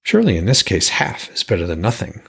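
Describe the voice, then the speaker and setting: A man doing an eager smith with a gravelly low voice. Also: wildly swooping pitch, quick pace, fairly bright tone, exaggerated voice. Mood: musing. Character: Lopt, an eager older male smith.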